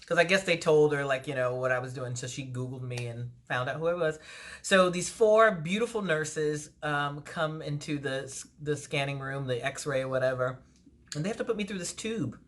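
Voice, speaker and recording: A woman entertainer telling a personal story in a casual storytime vlog, animated and laughing often. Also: low voice, normal speed. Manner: animated retelling with frequent laughs.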